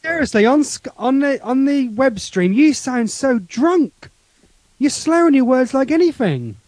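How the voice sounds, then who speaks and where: A man's voice: extremely high pitch, big pitch swings, a little slow, darkish tone, dry recording. A man calling in to a show, teasing and insistent as he keeps pressing the host. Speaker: caller. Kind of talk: casual call-in chat.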